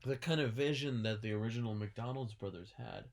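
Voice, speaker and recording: A man's voice: mid-range voice, brisk, creaky. A man co-hosting a podcast, chatting casually and joking, slipping into silly voices for his bits. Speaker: podcast co-host. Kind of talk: casual chat.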